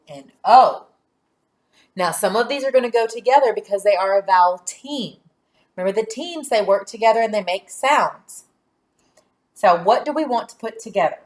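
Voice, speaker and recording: A woman teacher leads young children through a phonics lesson, deliberately sounding out letters and syllables and praising their answers. Her voice sits in the mid range.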